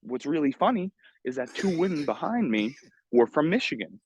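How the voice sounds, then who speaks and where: A man's voice: fairly high pitch, big pitch swings, normal speed, darkish tone, slightly rough, no room sound. A young man with a New York accent, hosting a podcast and telling a story in casual street slang, full of swearing and fillers. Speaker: podcast host. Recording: dull lo-fi remote audio.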